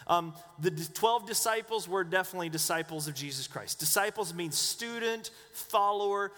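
A man's voice: sits high, normal speed, fairly bright tone, long reverb tail. A man preaching a conversational sermon as pastor, asking the congregation questions. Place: church.

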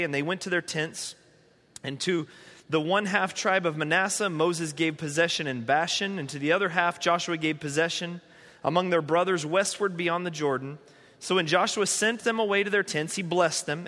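Male pastor, sermon, earnest and conversational, bright tense voice, reverberant church hall. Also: high-pitched. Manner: earnest, conversational preaching with pleading emphasis.

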